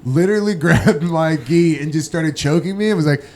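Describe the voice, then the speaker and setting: A man's voice: fairly high pitch, normal speed, a little mellow. A young man hosting a podcast, telling stories in casual chat with lots of laughing and crude slang. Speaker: podcast host.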